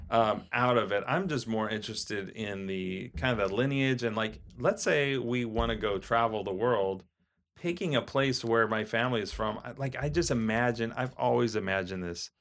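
At a moderate pace, a man with a medium-pitched, fairly bright voice co-hosts a podcast. His casual conversation wanders, packed with filler words and false starts.

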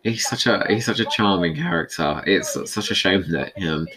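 Brief: man, very low voice, loose conversational commentary, chatty and meandering. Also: expressive, normal speed, crowd noise, rough recording. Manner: rambling, conversational, thinking aloud. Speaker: episode commentator. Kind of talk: casual recorded commentary.

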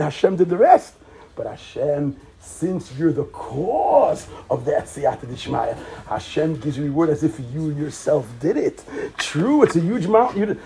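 A man teaching an animated Torah lecture, emphatic, full of rhetorical questions and repetition, swinging between soft asides and near shouts. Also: a little high, gravelly, a little hiss or hum.

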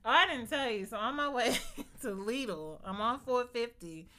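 A woman's voice: fairly high pitch, lively intonation, a little slow, sharp tone. A woman co-hosting a podcast, dryly teasing her husband and telling everyday stories. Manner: dry, teasing, storytelling. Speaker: podcast co-host. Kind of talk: casual banter with her husband.

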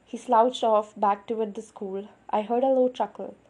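Female audiobook narrator: measured first-person storytelling, dark breathy tone. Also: fairly high pitch, fairly even intonation. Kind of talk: first-person novel reading.

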